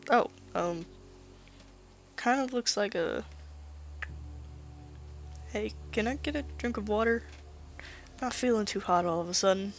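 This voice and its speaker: A woman voicing a wary adult male patient taking an inkblot test, in a slightly gravelly voice. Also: mid-range voice, unhurried, pauses often, soft background music, close to an everyday voice. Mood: uneasy.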